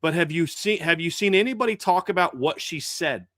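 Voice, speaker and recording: A man's voice: on the high side, brisk, a bit bright, dry recording, studio quality. A man hosting a sports podcast, ranting in a heated, indignant way and often restarting his words. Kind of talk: casual podcast rant.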